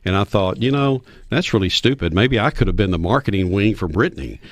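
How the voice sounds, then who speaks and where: A man's voice: lowish voice, brisk, no room sound. A man, a radio guest telling folksy stories. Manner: anecdotal, folksy, animated when quoting others. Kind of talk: storytelling interview.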